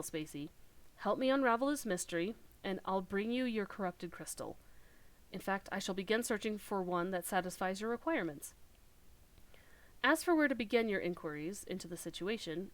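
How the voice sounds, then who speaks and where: A woman's voice: mid-range voice, natural voice. A woman doing a formal West Country lighthouse keeper. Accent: put-on western English countryside. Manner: measured, formal storybook delivery. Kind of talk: reading game dialogue aloud.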